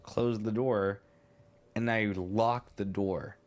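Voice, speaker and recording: Low-voiced rambling male podcast host. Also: steady tone, slow pace. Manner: rambling, swears freely, laughs often. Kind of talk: casual chat.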